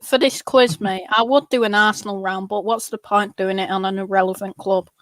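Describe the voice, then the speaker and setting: A man's voice: high-pitched, steady tone, fairly quick, fairly bright tone, no echo. A man teasing the host with dry put-downs during casual live stream banter. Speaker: stream guest.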